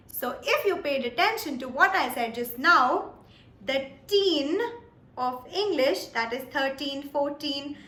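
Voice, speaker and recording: A woman's voice: sits high, sharp tone. A woman from India teaching a German lesson, who says each word twice and often checks in with "Yes?" and "All right?". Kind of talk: slow, patient lesson delivery. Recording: echoey room with faint background noise.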